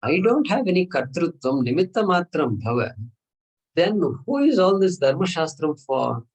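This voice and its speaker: A man's voice: high voice, sing-song, moderate pace, poor audio. Man teaching a scripture class. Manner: explanatory, repetitive phrasing with Sanskrit terms.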